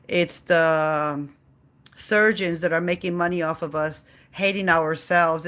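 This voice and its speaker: A mother giving a heated, passionate monologue rant, blunt and swearing freely, often repeating herself. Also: on the low side. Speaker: mother ranting on video.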